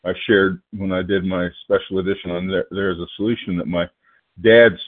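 Guest speaker, man, from Oklahoma. Deep voice, nervous, halting, keeps clearing his throat. Thin phone-line sound. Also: steady tone. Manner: halting, many fillers and restarts, clears throat. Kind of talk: phone-line recovery meeting talk.

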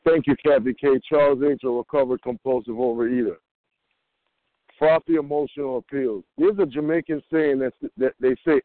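A man sharing at a recovery meeting in a halting way, with many ums and restarts. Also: fairly high pitch, dry recording. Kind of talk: casual recovery share. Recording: dry phone-line call audio.

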